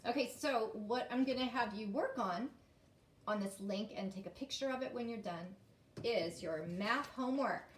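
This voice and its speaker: A woman's voice: on the high side, moderate pace, echoey room, distant mic. A woman teacher reading a story aloud and guiding young children through a lesson in an encouraging way.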